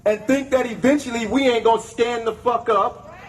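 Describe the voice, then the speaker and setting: A man's voice: very high voice, steady tone, moderate pace, poor audio. A man giving a raw, profane speech at an outdoor protest, leading the crowd in chants. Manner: angry, profane, leads chants. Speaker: protest speaker. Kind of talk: impassioned rally speech.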